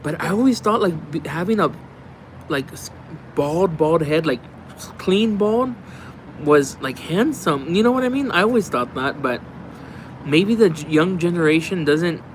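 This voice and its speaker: In an unhurried, fairly high voice with lively intonation, a man hosts a casual livestream, a little hiss or hum audible. He answers viewer comments with rambling talk, lots of laughter and plenty of swearing.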